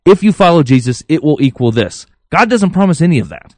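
A man's voice: fairly high pitch, sing-song, fairly quick, darkish tone, no room sound. A man co-hosting a podcast, giving his views earnestly, thinking aloud with many fillers and restarts. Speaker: podcast co-host. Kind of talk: casual opinion chat.

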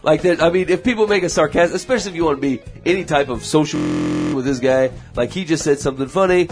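A man's voice: a little high, fast talker, over music. A man co-hosting a casual podcast, reading listener letters aloud and laughing often as he talks. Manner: laughing often, animated delivery.

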